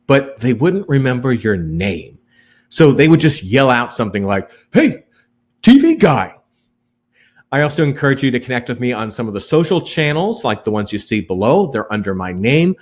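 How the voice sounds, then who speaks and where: A middle-aged man speaking as a professional presenter. His pitch swings widely as he stresses points. The delivery is emphatic and direct. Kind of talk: virtual presentation to managers.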